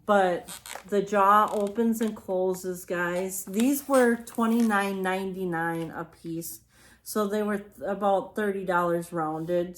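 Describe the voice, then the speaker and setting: A woman chatting casually as she shows off home decor she bought, rambling and often adding apologetic asides. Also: mid-range voice. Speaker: home decor haul vlogger. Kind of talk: casual show-and-tell chat.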